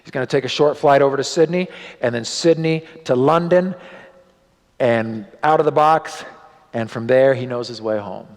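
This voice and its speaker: A male pastor telling a story in a sermon, animated, his voice rising and dropping for drama. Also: medium pitch, normal speed. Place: church sanctuary. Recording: long church hall reverb.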